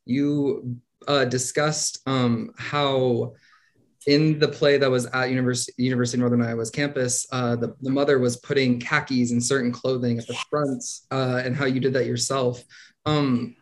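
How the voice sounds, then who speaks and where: A man interviewing a guest, asking long, halting questions full of "um" and "uh". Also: mid-range voice, flat delivery. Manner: halting, hesitant with many "um" and "uh".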